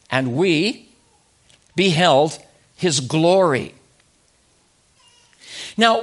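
A man preaching a sermon, building his points with repeated rhetorical questions and slowing down on key phrases. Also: high voice, a bit bright. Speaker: pastor.

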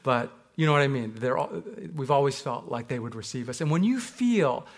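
A man from Canada preaching a sermon as a pastor, telling personal stories in a reflective way and slowing down on key words. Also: medium pitch, expressive.

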